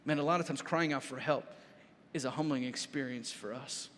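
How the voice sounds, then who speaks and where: A man preaching a sermon as pastor, animated and storytelling, often raising his voice high and loud. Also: a little fast, slight background noise. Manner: animated, storytelling, raises voice to shout lines. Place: church hall. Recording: reverberant church hall.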